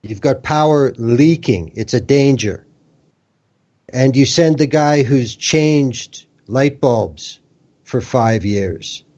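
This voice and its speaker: A man's voice: mid-range voice, a little mellow. A man who works as an electrician, joining a casual political discussion and speaking bluntly, with everyday metaphors and swearing. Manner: slow, blunt, profane, explains with everyday metaphors. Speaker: electrician and panelist. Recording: dull lo-fi stream audio.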